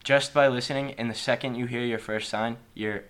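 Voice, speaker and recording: Casting: young male podcast co-host, mid-pitched, earnest, rambling, laid-back. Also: fairly even intonation, a little fast, fairly bright tone. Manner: earnest, rambling, says "like" and "bro" often. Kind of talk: casual podcast chat.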